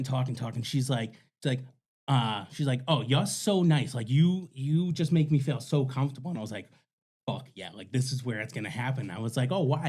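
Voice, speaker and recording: A man's voice: medium pitch, darkish tone, slightly rough. Crude, laughing man telling a story. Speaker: podcast co-host. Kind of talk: casual storytelling.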